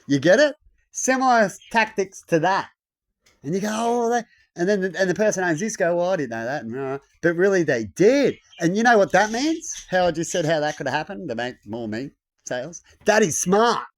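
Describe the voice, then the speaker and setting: A man in a casual rambling rant. He swears often and acts out the voices he quotes, often loudly. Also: high voice, sing-song, moderate pace.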